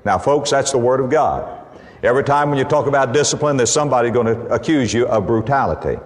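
A man preaching a sermon to his congregation, speaking emphatically and rising to excited peaks on his key points. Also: medium pitch, quick pace. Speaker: pastor. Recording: long reverb of a large hall.

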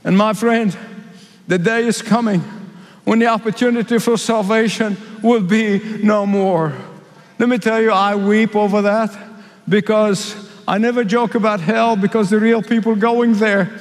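A man from the Middle East preaching a sermon, emphatic and repeating key phrases, slowing down for weight. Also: high voice, steady tone. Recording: reverberant hall.

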